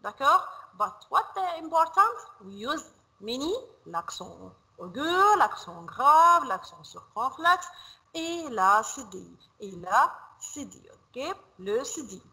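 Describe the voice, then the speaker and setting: A woman leads a classroom lesson, her high voice bright and sharp. She drills each word again and again, slow and patient. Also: big pitch swings, poor audio. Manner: repeats words slowly, drilling pronunciation. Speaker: French teacher. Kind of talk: classroom teaching. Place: school classroom.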